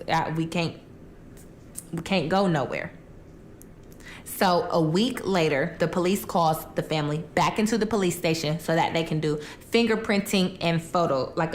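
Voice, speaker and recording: A woman's voice: fairly low pitch, a little hiss or hum. A young woman casually telling a true crime story while eating, chatty and colloquial, acting out the quotes.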